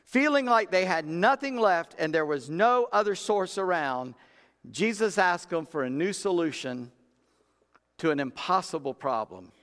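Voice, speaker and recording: A man's voice: high-pitched, animated, unhurried, fairly bright tone, clear, resonant tone. A man preaching a sermon in a folksy, conversational way, acting out Bible characters in everyday talk. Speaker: pastor. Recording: long reverb of a large room.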